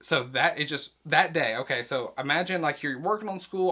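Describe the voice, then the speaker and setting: A young man hosting his vlog, chatting casually and rambling through a busy day with quick asides. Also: a little high, sharp tone. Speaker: vlog host, nurse practitioner student. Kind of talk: casual chat.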